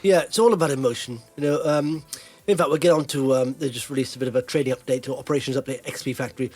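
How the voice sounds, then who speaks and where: A man hosting a casual podcast, animated and teasing, talking in fits and starts. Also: medium pitch, quick pace. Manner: animated, teasing, self-interrupting. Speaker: podcast host.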